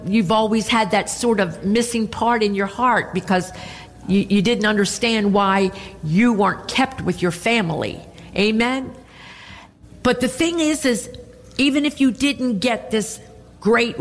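Preaching woman in a reverberant church. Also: a little high. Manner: expressive preaching with frequent amens. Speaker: pastor. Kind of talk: sermon.

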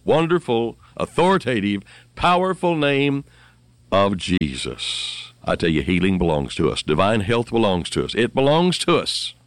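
A man's voice: lowish voice, dry recording. A man preaching a radio sermon, rambling and fervent, rising in emphasis as he quotes scripture.

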